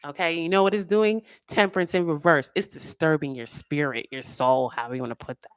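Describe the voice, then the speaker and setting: Tarot reader, woman, low voice, animated and slangy, acts out quotes, dry close sound. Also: fairly quick, clear, resonant tone, dry recording. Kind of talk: casual tarot reading.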